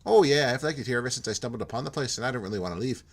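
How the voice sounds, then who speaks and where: Racing along in an animated, mid-range voice pitched above his own, a man plays a chatty male computer tech. The character is friendly and keen to explain things, with a Minnesota accent that drifts into Irish.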